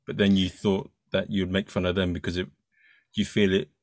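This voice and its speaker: A man with a fairly low voice asks questions in a halting, wandering way. The sound is dry and close, with no room around it. He is hosting a relaxed interview. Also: no room sound. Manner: halting, loosely phrased questions. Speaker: podcast host, interviewer.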